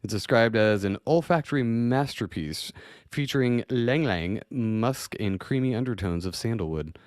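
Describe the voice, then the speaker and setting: A man's voice: medium pitch, moderate pace, a little mellow, smooth, dry recording, studio quality. A man hosting a casual podcast chat. He is loose and profane, laughs often and reads news articles aloud. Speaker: podcast host.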